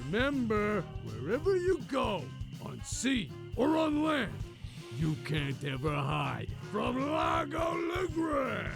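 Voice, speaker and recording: An actor voicing a short, bullying male pirate thug in a video game, gravelly and sneering. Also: high-pitched, wildly swooping pitch, slow, raised voice, music in the background, exaggerated voice. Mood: boastful.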